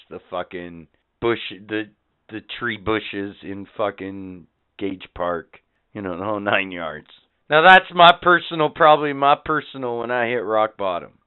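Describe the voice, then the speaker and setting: A man hosting a podcast in profane, rambling casual chat, swinging between loud and quiet. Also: mid-range voice, clear, resonant tone. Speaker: podcast host. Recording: phone-like lo-fi audio.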